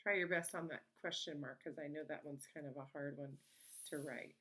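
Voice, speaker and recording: Woman, teacher, lowish bright voice, patient, encouraging, home lesson. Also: steady tone. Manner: patient, encouraging, slow and clear. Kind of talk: remote early-grade lesson.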